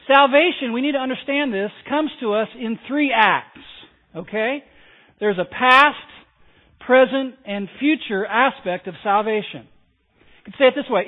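High-voiced preacher on a tinny line. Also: male voice, normal speed. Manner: emphatic, repeats key phrases, asks the crowd. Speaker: pastor. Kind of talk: sermon. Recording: tinny phone-like sound.

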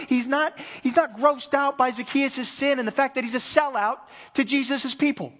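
A man, a pastor preaching a conversational sermon, swinging between loud emphasis and hushed moments. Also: very high voice, big-room sound.

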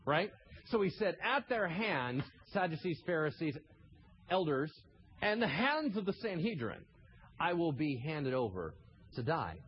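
A man preaching a sermon as pastor, animated, acting out scenes with sudden shouted asides. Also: on the high side, a little slow, lo-fi sound, a little hiss or hum.

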